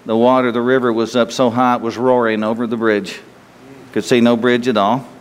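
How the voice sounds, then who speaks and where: A man preaching a conversational sermon, slightly hoarse with an itchy throat, asking his listeners questions in a folksy way. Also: medium pitch, level tone, a little fast. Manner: folksy, asks the listeners questions, laughs easily. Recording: long hall reverb.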